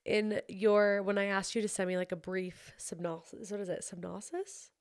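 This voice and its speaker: Woman podcast host, casual chat, teasing, quick questions. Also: medium pitch, steady tone.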